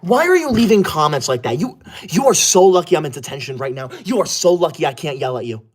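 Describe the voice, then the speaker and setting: A man's voice: fairly high pitch, big pitch swings, quick pace, breathy edge. A man playing a bossy, touchy schoolboy livestreamer who is obsessed with rules, in a comedic livestream parody, talking in a scolding, indignant way.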